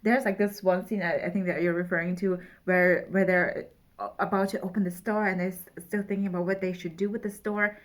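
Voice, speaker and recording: A woman's voice: fairly low pitch, flat delivery, fairly quick. Blunt, mocking young woman. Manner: blunt, mocking, laughs often. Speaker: book reviewer. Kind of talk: casual chat.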